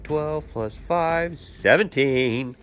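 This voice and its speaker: A man playing a tabletop game who talks excitably and swears freely. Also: a little high, very slow, faint music behind. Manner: excitable, swears, rises from calm to loud. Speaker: player.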